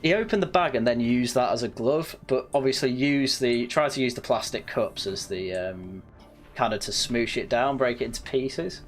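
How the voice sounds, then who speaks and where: Chatting through a let's-play for his gaming channel, this young Englishman tells meandering stories, laughing frequently and correcting himself as he goes. His northern accent has a slightly posh edge, his voice is mid-range, and his pace is moderate.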